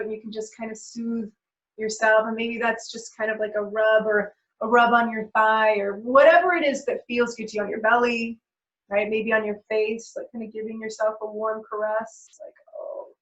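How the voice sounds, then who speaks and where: A woman talking casually as a parenting stress coach, chatty, full of "like" and "right?", and swearing freely. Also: a little high. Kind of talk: casual self-help talk to camera. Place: home office. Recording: echoey room, dull lo-fi sound.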